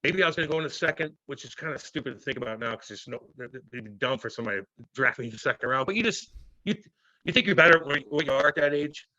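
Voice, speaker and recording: A man in his thirties, a former hockey player, telling stories loudly and profanely in a casual interview. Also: mid-range voice, fast, no echo, highs cut off. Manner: loud, profane, animated storytelling.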